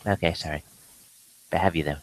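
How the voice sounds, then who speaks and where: A man speaking casually during a tabletop role-play session. His voice is very deep, and he rambles, hedging with "like" and "you know" as he goes. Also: fairly even intonation, a little fast, slight background noise, poor audio. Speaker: player.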